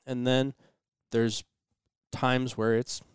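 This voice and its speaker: A man's voice: medium pitch, little pitch movement, slow pace, smooth, no echo, clean studio sound. A man as a podcast guest in casual chat, explaining step by step and murmuring agreement.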